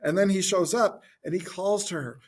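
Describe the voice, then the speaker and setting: A man giving an informal Bible teaching talk in a gentle, reflective way, thinking aloud as he goes. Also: sits high, moderate pace, breathy edge.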